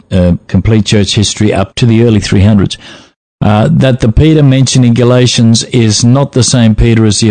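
A man's voice: medium pitch, darkish tone, dry recording, rough recording. A man co-hosting a Bible talk show, reading listener letters with a teasing, playful manner.

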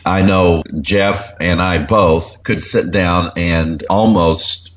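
A man's voice: deep voice, fairly even intonation, takes it slowly, a bit bright, lo-fi sound, slight background noise. A man hosting a ministry radio show, speaking earnestly about the ministry's supporters.

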